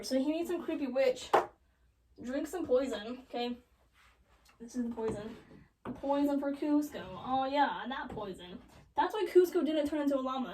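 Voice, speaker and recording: A young woman casually retelling a classic love story as a joke, with sarcastic asides and quick quoted voices. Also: high voice, lively intonation, a little mellow, distant mic, a little hiss or hum, low-quality recording. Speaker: comedic storyteller. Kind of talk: joking retelling of a classic play.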